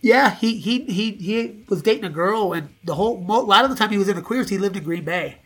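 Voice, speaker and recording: Brief: middle-aged man, high bright voice, swears freely, animated raconteur acting out quotes. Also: fairly quick. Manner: profane, animated, acts out quoted dialogue. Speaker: guest musician. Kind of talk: casual storytelling interview.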